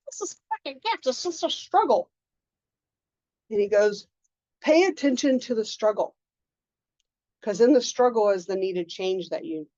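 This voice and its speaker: A woman coaching a group in a casual lecture, animated, often acting out her own inner voices. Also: medium pitch, no room sound, lo-fi sound. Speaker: mindset coach.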